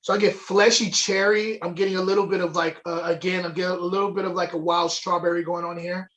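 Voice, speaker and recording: Enthusiastic male wine co-host, high voice, casual livestream chat. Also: flat delivery, fast, a bit bright, muffled recording. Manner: enthusiastic, chatty, with fillers. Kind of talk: live online wine tasting chat. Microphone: webcam or desk mic on a video stream.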